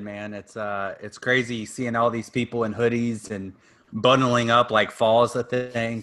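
A man co-hosts a relaxed sports chat in a bright, forceful voice. He trips over his openings with repeated restarts, then lands blunt, wry remarks. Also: medium pitch. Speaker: podcast co-host.

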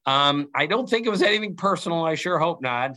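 Man, middle-aged, animated storyteller, bright forceful voice, fairly high pitch. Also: brisk. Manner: animated anecdotes, quotes others in lively voices. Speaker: interview guest, baseball writer. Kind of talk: storytelling in an interview.

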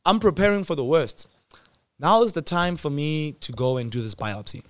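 A man's voice: fairly high pitch, normal speed, clean tone, no room sound, clean studio sound. A young man telling a personal story in casual talk, laughing often and acting out the people in it. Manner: animated, laughs often, acts out doctors' lines. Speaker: host.

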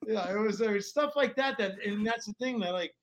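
A man in his forties, a former pro hockey player from Alaska, telling stories in a rambling, animated way with many restarts. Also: high-pitched, normal speed. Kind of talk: casual storytelling interview.

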